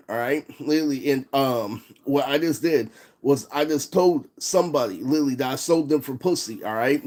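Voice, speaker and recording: A man's voice: medium pitch, a little mellow. A young man ranting on a livestream, rambling and profane with constant fillers.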